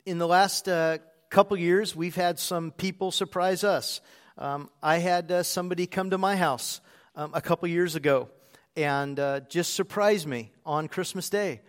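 A man's voice: high voice, a little slow. A man preaching a sermon as a pastor, in a conversational storytelling way.

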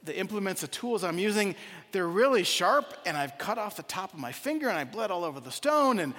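A man's voice: high voice, big pitch swings, fairly quick, sharp tone, in a large hall, pitched above the performer's own voice, heavily acted. A man voicing a grumbling male temple worker who complains of his hurts. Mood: aggrieved.

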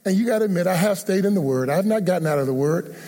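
A male pastor with a high, mellow, slightly husky voice gives an earnest sermon altar call, pleading with listeners again and again to come forward. His words carry a long echo, as if he is in a large church hall. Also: expressive, fast talker. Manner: earnest, repetitive pleading invitations. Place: church sanctuary.

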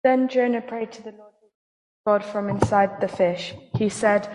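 A woman reading a scripture passage aloud in church, steady and even. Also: mid-range voice, a little slow. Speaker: scripture reader. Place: church hall. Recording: long hall reverb.

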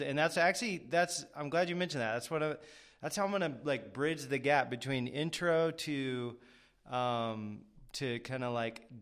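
A man's voice: medium pitch, a bit bright. A man hosting a podcast interview, rambling casually with lots of fillers and self-deprecating asides. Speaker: podcast host.

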